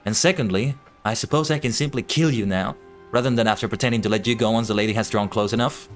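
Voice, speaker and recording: A man's voice: lowish voice, quick pace, soft background music, natural voice. A man voicing a scheming female pirate bandit captain, reading her game lines with a menacing put-on pirate accent. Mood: sneering.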